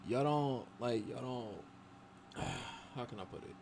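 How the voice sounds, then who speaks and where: A man's voice: mid-range voice, slow, vocal fry, a little mellow. A man in a casual podcast conversation who talks loosely in slang. He uses lots of fillers and curses freely. There is a faint background hiss. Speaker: podcast co-host.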